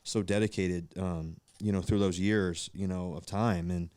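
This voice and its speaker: Man, 30s, podcast guest. Animated storyteller, low-set voice, dry mic. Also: a little slow, dry recording. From Virginia, USA. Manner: animated, acts out quoted voices, many fillers and restarts. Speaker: guest, pro football quarterback. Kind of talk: storytelling in casual podcast chat.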